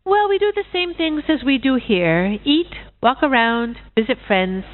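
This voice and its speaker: A woman voicing a forgetful, hesitant older female goose, pitched higher, on a tinny recording. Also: lively intonation, unhurried. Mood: matter-of-fact. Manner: hesitant, unsure. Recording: tinny phone-like sound.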